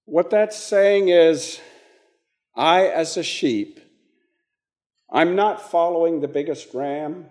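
A man giving an interactive sermon, halting and repeating words as he asks the congregation questions. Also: on the high side, darkish tone. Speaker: preacher.

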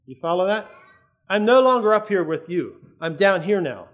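High-voiced man preaching earnestly. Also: big pitch swings, normal speed, muffled recording. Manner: earnest, conversational, checks in with listeners. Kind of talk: sermon.

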